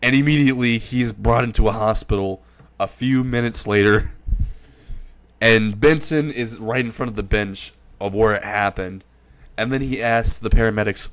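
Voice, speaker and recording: A man's voice: on the low side, normal speed, no room sound. A man casually retelling a comedic crossover story, rambling with restarts.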